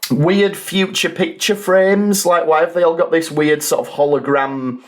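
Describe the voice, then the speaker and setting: A man's voice: on the high side, steady tone, measured pace. Chatty man on a podcast. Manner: chatty, rambling, dry asides. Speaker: podcast roundtable host. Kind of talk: casual podcast chat.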